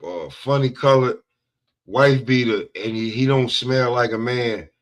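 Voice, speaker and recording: A man's voice: medium pitch, measured pace, a crowd in the background, rough recording. A man co-hosting a sports talk podcast, ranting in a loose, profane way and leaning on "bro". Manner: profane, rambling, heavy on "bro". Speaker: podcast co-host. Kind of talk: casual trash-talk chat.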